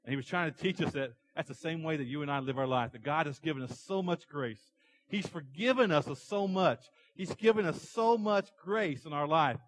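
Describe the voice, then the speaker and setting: A man preaching a sermon to his church, animated as he tells stories and acts out characters. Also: a little high, rough recording. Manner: animated storytelling, acting out characters in the parable. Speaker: pastor.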